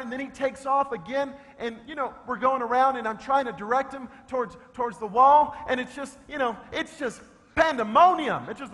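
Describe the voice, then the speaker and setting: A male pastor telling a comic story in a sermon, shifting between loud shouts and hushed low talk. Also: brisk, a little hiss or hum. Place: church sanctuary. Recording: long reverb of a church hall.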